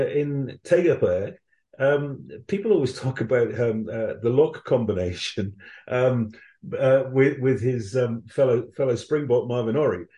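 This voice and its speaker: A man with a dark, mellow voice talks through rugby memories for a podcast interview. He rambles reflectively, with frequent ums and restarts. His voice carries a noticeable room echo. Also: mid-range voice. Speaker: rugby correspondent.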